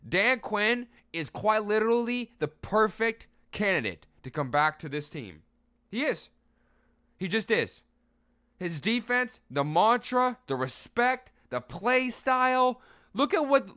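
A young man hosts a solo sports podcast in a bright, forceful voice that sits a little high for a man. He talks bluntly and with emphasis, swearing freely. His speech comes through smooth and clear in a dry, close sound. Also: no echo. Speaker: podcast host.

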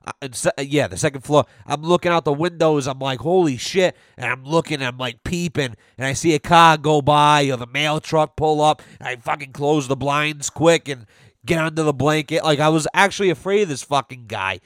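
A man's voice: a little high, fairly quick, a bit bright, no echo, clean studio sound. A man, a podcast host ranting through a casual, profane monologue. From Rhode Island.

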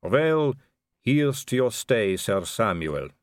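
A man's voice: medium pitch, very animated, slow pace, no room sound, studio quality. Man doing a genteel vampire lady. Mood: gracious. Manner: polite, gracious, lightly teasing. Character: genteel female vampire aristocrat, middle-aged, poised.

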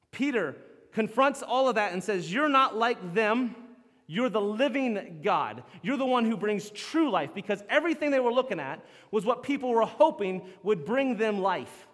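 A man preaching a sermon as pastor, animated, acting out the lines he quotes. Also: high-pitched. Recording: long hall reverb.

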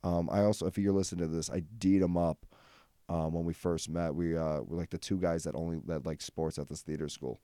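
Low, dark-voiced man rambling solo. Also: fairly even intonation, brisk, no echo, clean studio sound. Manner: rambling, self-deprecating, many fillers. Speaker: podcast host. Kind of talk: solo comedic rant.

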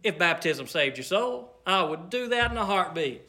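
A man preaching a sermon as pastor, emphatic, with dramatic slow pauses. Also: high voice, lively intonation, pushed and bright, a little hiss or hum.

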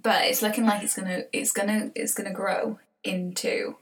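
A woman's voice: medium pitch, level tone, normal speed. An English woman co-hosting a casual podcast chat, swearing freely, laughing often and dropping into whispers. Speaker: podcast co-host.

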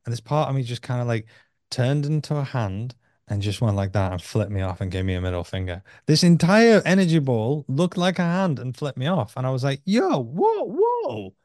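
Animated man telling a story, dry close sound. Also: fairly quick, no echo. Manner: animated, acts out his own inner dialogue with sudden pitch jumps and profanity. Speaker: podcast guest. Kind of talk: casual conversational storytelling.

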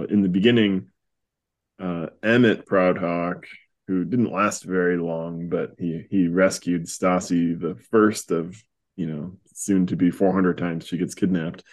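A low-voiced man chatting casually as a podcast co-host. He is relaxed and joking, with plenty of fillers as he explains comic book history.

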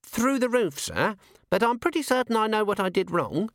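Guy putting on a jumpy young dwarf alchemist, squeaky high, polite and hesitant, audiobook voice. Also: big pitch swings, normal speed, fairly bright tone, no echo, clean studio sound, full character voice. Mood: nervous, earnest. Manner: hesitant, polite, keeps adding sir. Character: nervous young dwarf alchemist, eager, earnest. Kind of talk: audiobook character voice.

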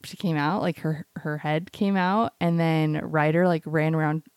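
A woman's voice: low-pitched, fairly even intonation, normal speed, smooth, no echo, clean studio sound. A woman co-hosting a casual podcast chat, rambling through a personal story with a constant "like". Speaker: podcast co-host.

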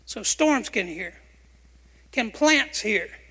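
Pastor, male, bright, forceful voice, emphatic sermon with call-and-response, long hall reverb. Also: high voice, expressive, takes it slowly. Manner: emphatic, asks the congregation questions and has them repeat phrases. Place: church sanctuary.

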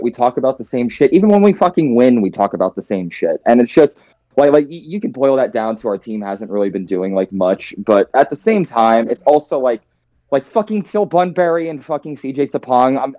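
Hungover podcast host, sweary and fed up; dark voice, dull lo-fi audio. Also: male voice, mid-range voice, no echo. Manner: frustrated, profane ranting. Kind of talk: casual chat. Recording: dull lo-fi sound.

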